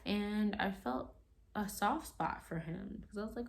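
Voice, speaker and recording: A woman's voice: mid-range voice, normal speed, vocal fry, slight background noise. A woman telling a personal story in a casual, rambling way, full of "like" and "you know", and acting out what others said. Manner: acts out quoted lines in a raised voice. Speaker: storytime vlogger.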